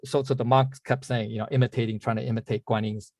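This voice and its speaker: A man's voice: mid-range voice, level tone, a little fast, a little mellow, no room sound. A man telling a story in an online class, rambling, with many restarts, repeated words and apologetic asides. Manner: apologetic asides when losing the thread. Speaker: teacher.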